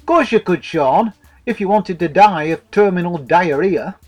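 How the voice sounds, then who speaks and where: A man's voice: high-pitched, animated, unhurried, soft background music, pitched above the performer's own voice. Man doing a sarcastic young lad, mocking, voice lifted a bit.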